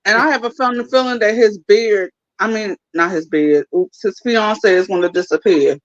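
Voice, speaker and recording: Co-host, casual chat, quick agreeing interjections, dry and muffled recording. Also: medium pitch, no room sound.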